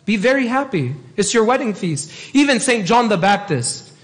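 A man's voice: high-pitched, very animated, normal speed. A man, a priest giving a sermon and pressing his points by repeating them. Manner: emphatic, repeats key phrases.

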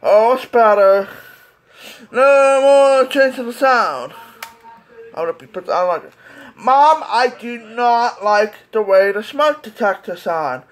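A woman's voice: mid-range voice, very animated, unhurried, poor audio. A woman making a playful home recording and switching between put-on voices.

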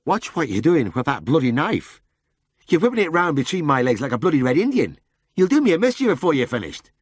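A man's voice: fairly high pitch, sing-song, a little fast, breathy edge, no echo, studio quality, pitched above the performer's own voice. A man doing an alarmed farmhand. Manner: gasping, alarmed. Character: anxious Irish farm worker, gasping.

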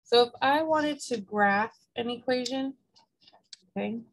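A female math instructor gives a recorded lecture, patiently explaining each step and checking in with "okay?" while she has the hiccups. Her voice is mid-range and the recording is rough.

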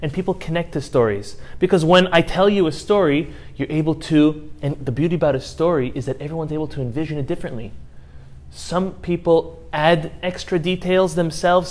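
A rabbi delivers a sermon in a slightly high-pitched voice. He tells a story, mostly hushed and measured, then rises into impassioned, emotional outbursts. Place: synagogue.

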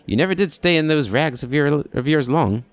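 A man's voice: on the high side, lively intonation, fairly quick, no echo, pitched above the performer's own voice, lightly acted. A man voicing a rambling, nostalgic old male keeper who chatters in a folksy, reminiscing way.

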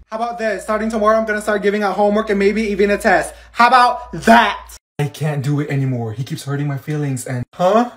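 A man with a voice pitched a little higher than most men's, acting out short comedy skits. He jumps between several schoolgirl characters, mostly chatty and gossipy, then bursts into sassy, shouted comebacks. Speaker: comedy sketch creator.

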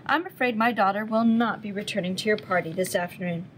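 A woman's voice: medium pitch, moderate pace, a little hiss or hum, lightly acted, poor audio. Brief: woman narrator doing a cruel stepmother, cold and commanding, storybook read-aloud. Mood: icily polite. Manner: stern, clipped demands; silky-polite on the phone.

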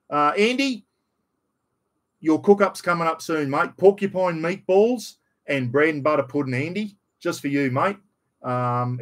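A man's voice: mid-range voice, fairly bright tone. Blunt Australian man, casual live chat. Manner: blunt, rambling, colloquial. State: slight cough after illness. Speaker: livestream host.

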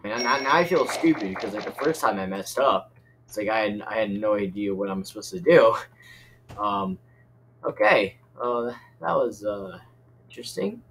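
A young man giving excitable game commentary, rambling and yelping in panic. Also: on the low side, normal speed, slight background noise. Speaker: gaming YouTuber.

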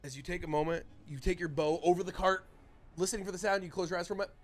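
A man running a tabletop role-playing game as dungeon master, narrating in a casual, halting way with frequent restarts. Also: sits high, level tone. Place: home streaming setup.

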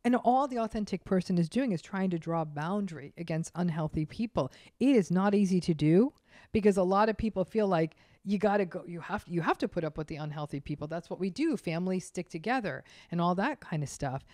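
A woman's voice: on the low side, animated, brisk, mellow, dry recording, clean studio sound. A woman psychologist, a guest on a podcast interview, who speaks emphatically and acts out the people she quotes.

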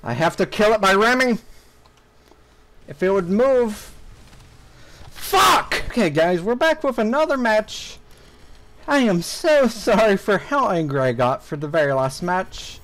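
A man's voice: high voice, expressive, a little slow, poor audio. A young man commentating his own gameplay, talking to viewers and ranting with lots of swearing when things go wrong. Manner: frustrated ranting with heavy swearing. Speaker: gaming YouTuber.

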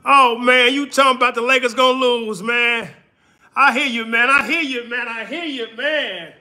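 High bright-voiced guy from california ranting on a livestream, repeats himself a lot, voice bouncing around a kitchen. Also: normal speed. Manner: preachy, repetitive, emphatic. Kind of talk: casual livestream rant. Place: home kitchen, indoors. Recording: very echoey room, voice far off.

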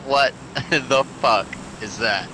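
A man's voice: mid-range voice, animated, extremely slow, background noise. A man in casual gaming chat, teasing his friends and swearing in disbelief. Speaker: gamer.

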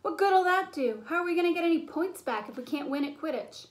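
A woman voicing an indignant teenage sports captain who speaks loudly. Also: very high voice, lively intonation, quick pace, reverberant, pitched above the performer's own voice. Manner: loud, thundering.

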